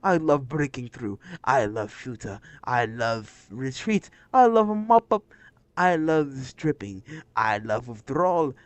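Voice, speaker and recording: A man's voice: mid-range voice, very animated, slow, no echo. A man reading a fanatical war-loving commander. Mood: fervent.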